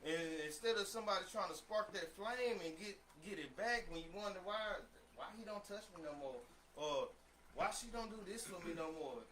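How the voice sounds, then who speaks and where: A man on a talk panel with a bright, forceful voice, sitting a little high for a man. He lays out his view earnestly and at length, slipping in asides. Faint noise hums behind him. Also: animated, normal speed, poor audio. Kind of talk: casual group discussion.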